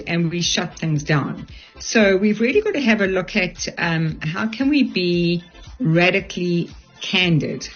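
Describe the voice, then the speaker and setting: Husky, earnest woman on radio. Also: lowish voice. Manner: earnest, direct, emphatic. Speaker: resilience speaker, radio guest. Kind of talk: radio interview, advice talk. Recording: dull lo-fi radio audio, faint music.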